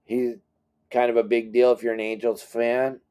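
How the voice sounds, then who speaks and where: A middle-aged fishing guide and boat captain telling a story in a casual chat. He is animated and self-deprecating, and he acts out the people he quotes. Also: medium pitch, moderate pace, clear, resonant tone.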